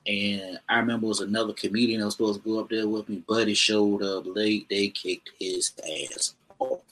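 A man's voice: on the low side, fairly quick, low-quality recording. A man, a comedian guest, casually telling a story about his start and acting out the people he quotes. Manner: animated storyteller, acts out quotes.

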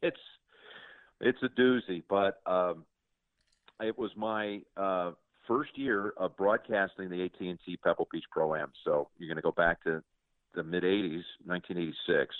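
A man with a very deep voice tells golf-broadcasting stories in an earnest, reflective way. He sounds dry and close, squeezed through a thin, phone-like band. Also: steady tone, moderate pace, no room sound. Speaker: guest sportscaster. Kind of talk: casual interview storytelling. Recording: tinny phone-like line, dry.

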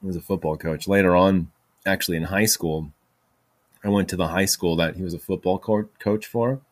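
Man, podcast host, casual storytelling, rambling, low voice, dry close sound. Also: fairly even intonation, normal speed, no echo. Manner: rambling, with many fillers and restarts.

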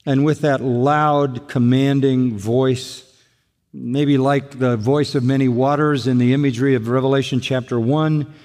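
A man's voice: mid-range voice, a little mellow. Older male preacher in a reverberant hall. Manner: emphatic preaching with repeated phrases. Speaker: pastor. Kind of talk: sermon. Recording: long reverb of a large hall.

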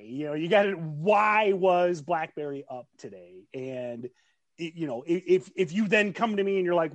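A man's voice: fairly high pitch, lively intonation, normal speed, dry recording. Man telling stories with lots of fillers. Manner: storytelling, full of fillers. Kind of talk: casual podcast chat.

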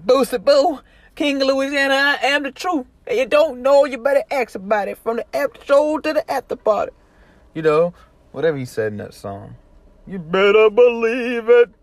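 A man putting on a boastful, loud rapper, shouting hyped boasts. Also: sits high, very animated, moderate pace, no echo, pitched above the performer's own voice. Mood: hyped boasting.

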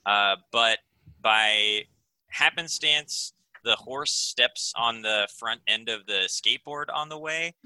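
A young man playing a tabletop role-playing game, describing his character's actions with animated, self-mocking humor. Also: mid-range voice, slow pace, clean tone, no room sound, rough recording. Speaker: player.

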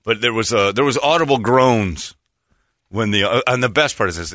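A man's voice: medium pitch, moderate pace, fairly bright tone, no echo, clean studio sound. A young man co-hosting a talk show, telling a story in a casual, sardonic, mocking way. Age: young adult. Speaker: radio show co-host. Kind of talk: casual comedic chat.

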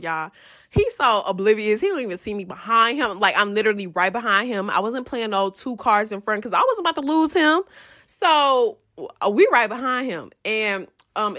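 A young woman casually telling a profane storytime straight to her viewers. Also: mid-range voice. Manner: animated, profane, addresses viewers as y'all.

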